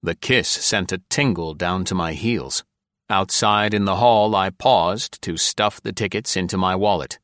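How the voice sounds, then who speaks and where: A man narrating a first-person novel in an audiobook, with an even, measured, dry delivery. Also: deep voice, dry recording.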